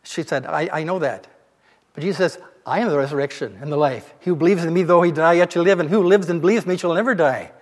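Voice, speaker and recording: A man's voice: on the high side, quick pace, long reverb tail. A male pastor giving a sermon, retelling scripture as a casual, conversational story.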